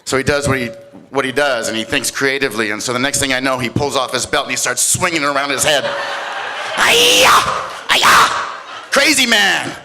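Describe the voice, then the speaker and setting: A man telling a story live on stage at a competition, animated and swinging from loud shouts to hushed tones. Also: mid-range voice, quick pace, background noise.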